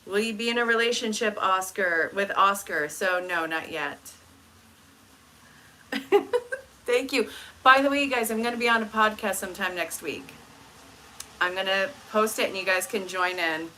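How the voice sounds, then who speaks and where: A woman reading tarot on a live stream, answering viewers' questions in a casual, chatty way with dry, deadpan humor. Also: medium pitch, normal speed, long pauses, rough recording. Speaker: tarot reader and life coach.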